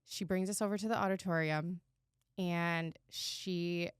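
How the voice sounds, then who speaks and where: A woman co-hosts a casual podcast and tells a personal story in an animated, candid way, swearing freely. Her voice sits on the lower side and sounds smooth. The sound is close and dry, with no room echo. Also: unhurried. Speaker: podcast co-host.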